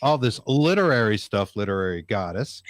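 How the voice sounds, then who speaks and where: Easygoing guy hosting a live show, lowish voice, jokes around. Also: big pitch swings, normal speed, no room sound. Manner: easygoing, joking. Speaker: host. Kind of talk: casual live-show chat.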